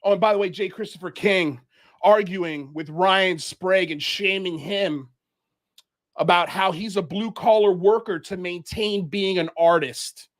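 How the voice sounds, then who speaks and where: A man's voice: high voice, measured pace, fairly bright tone. A man from Miami hosting a livestream, ranting in heated commentary as he calls people out. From Miami, United States. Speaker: show host.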